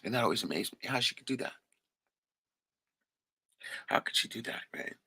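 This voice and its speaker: A man's voice: mid-range voice, lively intonation, moderate pace, gravelly, bright, forceful tone, husky, no echo. A man hosting a livestream, speaking an emotional, unscripted monologue in a raw, profane way, often tagging sentences with "right?". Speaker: livestream host.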